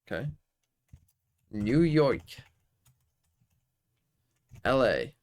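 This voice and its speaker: Gravelly man muttering quiz guesses. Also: on the low side, expressive, takes it slowly, long pauses. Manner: muttering guesses with frequent swearing. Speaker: streamer. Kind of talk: casual live-stream commentary while playing quiz games.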